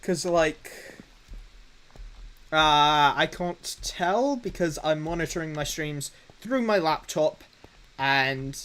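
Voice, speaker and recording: A man chatting casually on a live game stream, halting and self-mocking while he fumbles with his setup. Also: on the high side, lively intonation, pushed and bright, low-quality recording. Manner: halting, fumbling through tech setup with many restarts.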